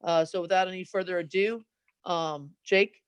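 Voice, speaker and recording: A woman emceeing an online event, speaking haltingly with many pauses and fillers over a video call. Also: fairly low pitch, fairly even intonation, clean tone, no echo, dull audio. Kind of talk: event hosting.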